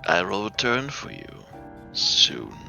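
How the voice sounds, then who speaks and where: An arrogant demon swordsman, cold and threatening, as a man reads him aloud from a visual novel. The voice sits very low with a gravelly edge, yet the tone is bright and the pitch swings widely. Faint music plays behind. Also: huge pitch swings, slow, full character voice. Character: arrogant male demon clan swordsman villain.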